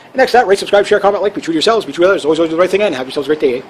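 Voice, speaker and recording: Male vlog host, high-pitched, assertive and rambling, with faint street noise behind. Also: very fast, poor audio. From Canada. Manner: assertive, rambling, with fillers and restarts. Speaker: channel host. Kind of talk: casual opinion vlog.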